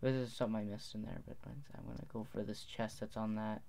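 A man's voice: lowish voice, level tone, fast talker, creaky, dark tone. A teenage boy giving gameplay commentary, rambling, muttering to himself and correcting his words. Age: teens. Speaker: gaming video host.

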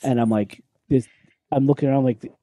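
Guy telling a crazy plane story on a podcast, really dark mellow voice, dry close sound. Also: mid-range voice, a little fast, no room sound. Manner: animated, swearing, acts out quoted lines. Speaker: podcast co-host. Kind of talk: casual storytelling chat. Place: podcast recording room.

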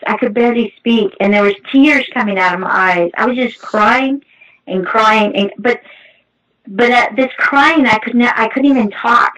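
Halting, emotional middle-aged woman, muffled. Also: a little high, fairly bright tone. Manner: halting, emotional storytelling with many restarts. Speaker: guest. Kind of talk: personal testimony in an interview. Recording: muffled distant mic.

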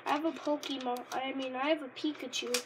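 A woman rambling casually in a vlog, easily delighted and bursting into loud exclamations. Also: high-pitched, steady tone, a little fast, very noisy. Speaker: Pokémon card reviewer. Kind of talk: casual unscripted vlog chat.

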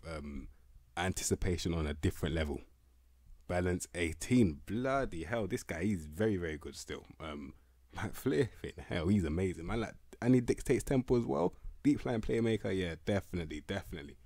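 A man's voice: low-pitched, darkish tone, no echo, studio quality. A young man, giving blunt, slangy, casual commentary on player ratings for a video. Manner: slangy, blunt, laughing, repeats "bruv" and "can't lie". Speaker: game content creator.

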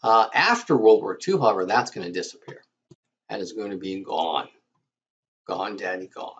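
A man lecturing as a history teacher, with a halting delivery full of fillers and restarts. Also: lowish voice, big pitch swings, fairly bright tone, slight background noise. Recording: dull lo-fi lecture audio.

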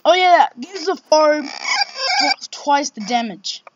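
A woman streams herself playing a horror game as a let's play gamer, jumpy and exclaiming, swearing and saying "oh my God" a lot. Her high voice swoops wildly in pitch and she talks slowly. The recording has loud background noise and cut-off highs.

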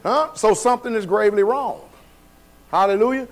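A man's voice: high-pitched, moderate pace. A male pastor preaching a sermon in a church, folksy and colloquial, often asking the congregation questions. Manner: call-and-response preaching, asks the congregation questions. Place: church sanctuary.

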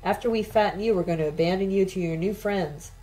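A woman's voice: mid-range voice, quick pace, mellow, lightly acted, poor audio. A woman reading the lines of a sarcastic, teasing grown woman in a novel. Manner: dry and sarcastic.

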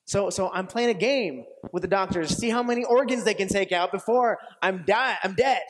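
A man preaching a sermon as pastor, telling stories with lively acted-out quotes and frequent laughter, often restarting phrases and checking with his audience. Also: high voice, moderate pace, a little hiss or hum. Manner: animated storytelling, acts out quoted voices, laughs often; repetitive restarts, asks audience questions.

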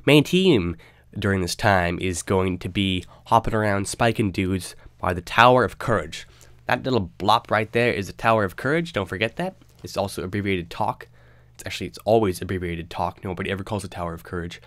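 A man's voice: low-pitched, brisk, a bit bright, dry recording. A young man with a stuffy, nasal voice from a cold, casually narrating a game guide with loose, rambling fillers. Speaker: game guide video host.

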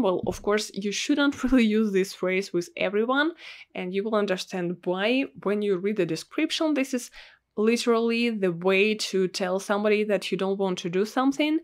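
A woman with a Russian accent teaching a language lesson, repeating words slowly and carefully for learners. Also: mid-range voice.

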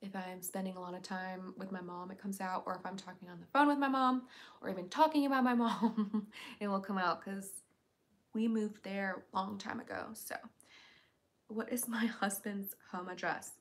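A woman's voice: mid-range voice, fairly even intonation, moderate pace. A young woman hosting a casual livestream, chatty and upbeat, reading viewers' questions aloud and answering them. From United States.

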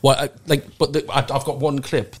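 A man's voice: mid-range voice, level tone, husky. A comedian, chatting casually on a podcast and often restarting his sentences. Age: 40s. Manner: fast, restarts often, jokey. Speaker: stand-up comedian guest.

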